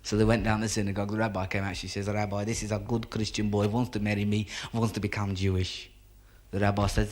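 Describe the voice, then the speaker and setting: A man's voice: fairly low pitch, fairly even intonation, quick pace. Man, stand-up story joke, does the characters' voices. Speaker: stand-up comedian.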